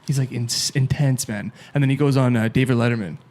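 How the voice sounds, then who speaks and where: A man's voice: medium pitch, steady tone, fast, mellow. A man hosting a casual podcast chat, rambling with many fillers and casual swearing. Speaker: podcast host.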